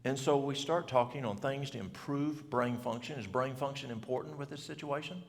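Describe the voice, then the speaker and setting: A man's voice: medium pitch, moderate pace. A middle-aged man, telling a story to a church audience in plain, folksy country talk. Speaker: health seminar speaker. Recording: gravelly voice in a reverberant church hall.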